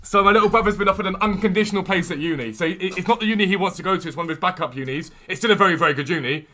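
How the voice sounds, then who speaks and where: A man's voice: high-pitched, racing, slight background noise. A young man streaming a video game, talking casually and energetically to his viewers. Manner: energetic and chatty. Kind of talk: casual live-stream talk.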